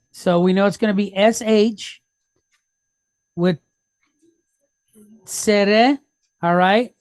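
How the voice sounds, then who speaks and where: Slow, patient woman teaching. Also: medium pitch, no echo, clean studio sound. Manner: sounds out syllables slowly, step by step; patient, checks in with the class. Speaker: Hebrew reading teacher. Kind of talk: classroom lesson.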